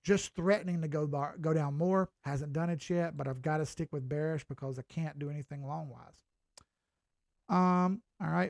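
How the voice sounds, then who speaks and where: A man's voice: on the high side, creaky, no echo, clean studio sound. A middle-aged man with a Southern US accent, giving casual, folksy crypto chart commentary with some swearing. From Southern United States. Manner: folksy, chatty, mild swearing.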